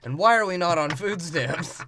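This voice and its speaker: A man's voice: a little high, animated, normal speed, bright, forceful tone, a little hiss or hum. A man co-hosting a comedy movie podcast, trading crude jokes and mock character quotes. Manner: laughs along, quotes characters in mock voices. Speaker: podcast co-host.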